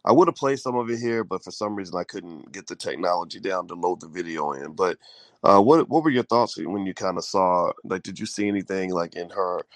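Deep-voiced man, groggy morning host. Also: a little fast, dry recording. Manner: rambling, many fillers and restarts. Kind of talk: casual live-stream chat.

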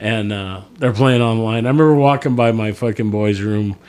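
A man's voice: lowish voice, normal speed, a little mellow, clean tone. A man co-hosting a casual comedy podcast, trading profane jokes and memories with the host. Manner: profane, joking banter.

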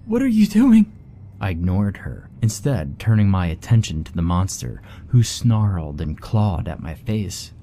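A man narrating a horror story in a grave, measured first-person telling. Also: low voice, mellow, a little hiss or hum. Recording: faint background music.

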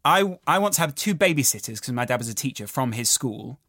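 A man's voice: medium pitch, animated, brisk, bright, forceful tone, dry recording, studio quality. A young man with a southern English accent co-hosting a podcast, easygoing and chatty, telling stories. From born in Liverpool, raised in England's south. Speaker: podcast co-host. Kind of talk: casual banter podcast.

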